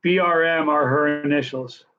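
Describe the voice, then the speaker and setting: A man's voice: on the high side, normal speed. Chatty older man on a lo-fi stream. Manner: chatty, animated storyteller. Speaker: live stream host. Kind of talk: casual live Q&A and storytelling. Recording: dull lo-fi live stream audio.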